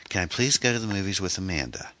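A man's voice: low voice, animated, fast, pushed and bright, no echo, voice pushed up. A man voicing a sulky, whining teenage girl as he reads a novel aloud. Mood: whiny teen. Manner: whiny, teasing.

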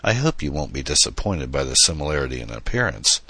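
A calm, precise alien pilot voiced by a man who speaks formally and deadpan. The voice is very low with a bright, slightly husky tone, close and dry. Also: fast, no room sound, exaggerated voice.

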